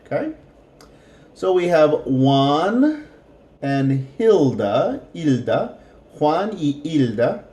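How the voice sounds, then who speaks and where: Slow, patient man teaching a language. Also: fairly high pitch, big pitch swings, mellow, reverberant, lo-fi sound. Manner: slow, patient, repeats words for practice. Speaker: Spanish teacher. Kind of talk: language lesson.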